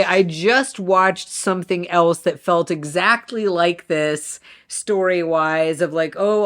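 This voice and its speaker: A woman's voice: fairly low pitch, a bit bright, smooth. A woman co-hosting a podcast in casual chat, rambling and musing aloud with many fillers. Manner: rambling, lots of "like", drawn-out musing. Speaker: podcast co-host.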